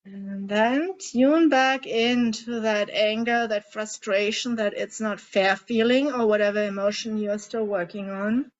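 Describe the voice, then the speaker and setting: Gentle coaxing woman coach, lo-fi audio. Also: mid-range voice, unhurried, hardly any pauses. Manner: gentle, coaxing, asks many guiding questions. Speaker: emotional eating coach leading a group session. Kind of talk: guided tapping and emotion-release exercise.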